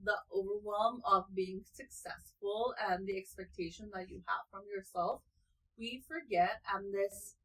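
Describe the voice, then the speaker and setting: A woman's voice: mid-range voice, measured pace, a bit bright, low-quality recording. A woman co-hosting a podcast who offers energy healing, speaking in an earnest, affirming way. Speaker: podcast co-host, energy healer. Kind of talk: casual podcast conversation.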